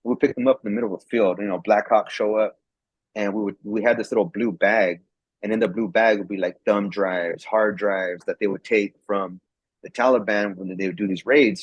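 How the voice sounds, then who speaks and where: A man with a low, husky voice tells a long story in a casual, rambling way, stumbling over repeated words and acting out the voices of others. The recording is dry and dull, with a lo-fi sound. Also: steady tone, brisk, dry recording. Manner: rambling, repeats words, acts out quoted dialogue. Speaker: guest, former National Guard soldier.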